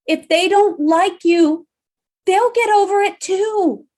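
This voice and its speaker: A woman in her thirties giving an emphatic motivational leadership talk to an online audience, with dramatic pauses. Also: very high voice. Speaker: leadership speaker.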